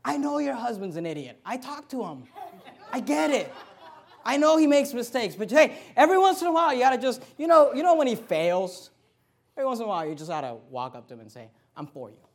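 Guy preaching a sermon, high voice, gets loud and acts out the quotes, cracks jokes at the crowd. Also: fast talker. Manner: animated preaching with acted-out quotes and sudden loud bursts; humorous asides to the congregation. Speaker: pastor.

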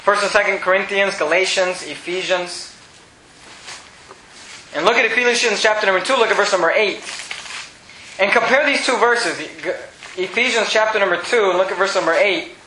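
A man delivering a sermon in a strikingly high, bright voice, drawing out scripture readings and dropping low for emphasis. The room is echoey, with a little faint noise behind him. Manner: preaching with a wide swing from raised to low, drawn-out scripture reading. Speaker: preacher.

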